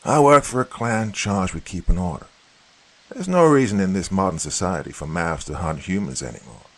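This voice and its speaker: A man's voice: sits low, animated, moderate pace. A man doing a curt, stern mother. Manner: curt, commanding. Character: stern, no-nonsense middle-aged mother.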